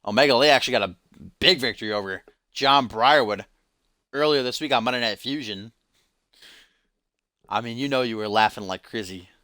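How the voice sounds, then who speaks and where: Man, stream host, casual wrestling-game commentary, joking, forceful tone, dry close sound. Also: mid-range voice, moderate pace, long pauses, clean tone, no echo. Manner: joking, teasing chat asides. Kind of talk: live play-by-play of a wrestling video game.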